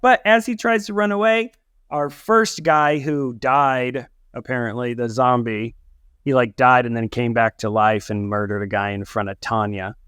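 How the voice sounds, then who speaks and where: A man's voice: medium pitch, fairly even intonation, normal speed, fairly bright tone, clean tone, dry recording, studio quality. A man co-hosting a podcast, chatting casually about a movie, laughing often and acting out quotes. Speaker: podcast co-host. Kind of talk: casual movie review chat.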